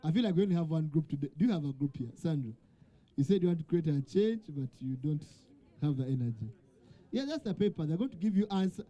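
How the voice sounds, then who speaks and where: A man hosts a quiz night, calling out to the teams and teasing them. His voice sits high and sounds mellow and dark in tone. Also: animated, fast talker, dull audio. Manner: calls out to the crowd and jokes with teams. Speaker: event host. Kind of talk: hosting a live quiz night. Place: event venue with a crowd.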